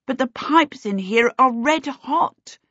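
Brief: anxious young boy wizard, raised pitch, storybook voice, played by a woman. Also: lively intonation, slow, fairly bright tone, no room sound, exaggerated voice. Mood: flustered. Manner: anxious and apologetic. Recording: dry, slightly dull recording.

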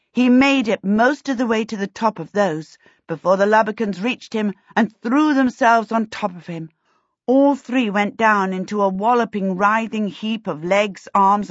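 A woman's voice: mid-range voice, dry recording. Woman narrating a storybook, dry sound. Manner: measured, expressive storytelling. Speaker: audiobook narrator. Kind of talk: scripted narration. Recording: dull dry lo-fi recording.

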